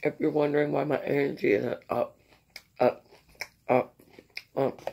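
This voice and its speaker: Woman vlogger, tired and raspy, gravelly fry, chatty and rambling while eating on camera. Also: low voice, fairly even intonation, unhurried, mellow. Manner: rambling, chatty between bites. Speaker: mukbang vlogger. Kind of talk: casual eating vlog chat.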